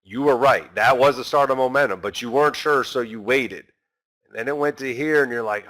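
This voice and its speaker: A man's voice: mid-range voice, brisk, a bit bright. A man teaching a trading session in a conversational way, peppering his points with tag questions and acting out frustrated traders. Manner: conversational, constant tag questions like right and okay; acts out frustrated traders' inner voices. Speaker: trading instructor.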